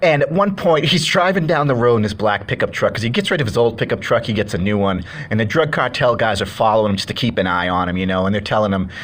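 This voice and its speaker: A man's voice: lowish voice, quick pace, few pauses, a bit bright. A man giving a casual, chatty movie review, retelling the story in a rambling way.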